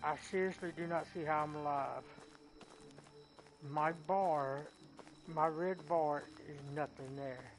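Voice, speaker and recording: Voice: mid-range voice, fairly even intonation, slow pace, pauses often, soft background music, poor audio. A gaming channel co-host giving let's play commentary, talking to themself while playing and yelping when chased.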